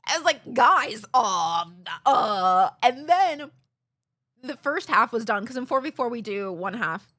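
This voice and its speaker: A young woman streams and chats casually with her viewers. Her voice sits high and moves all over the place as she tells the story. She laughs a lot and acts out what other people said in quick bursts. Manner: animated, laughs often, quotes others in bursts.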